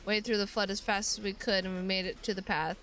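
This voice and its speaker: A woman's voice: medium pitch, level tone, fast talker, bright, forceful tone, soft background music. A woman streamer reading a visual novel aloud, breaking off into casual, sweary asides.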